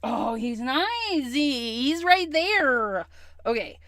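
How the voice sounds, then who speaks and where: Woman, livestream craft host; higher pitch, unhurried delivery, casual running chatter to viewers. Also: animated, a bit bright, no room sound. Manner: chatty, talks to viewers while stamping, hums and murmurs to herself.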